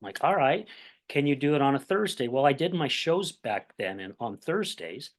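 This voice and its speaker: A man's voice: medium pitch, moderate pace. A man hosting a podcast tells a long personal story to his guest. He acts out the people in it and keeps checking in with "right?" as he goes. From Utah, USA. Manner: animated storyteller, acts out quoted voices, says "right?" often. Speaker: podcast host. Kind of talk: conversational interview storytelling.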